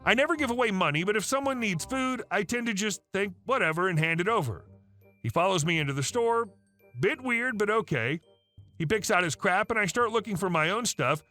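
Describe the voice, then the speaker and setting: A man's voice: high-pitched, lively intonation, a little fast, pushed and bright. A man narrating online stories in a casual, wry storytelling tone. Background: faint music.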